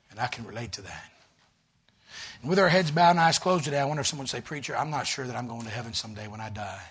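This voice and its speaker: A man preaching a sermon as a guest preacher in a church, swinging from shouted fervor to a soft, pleading altar call. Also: medium pitch, breathy edge. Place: church sanctuary.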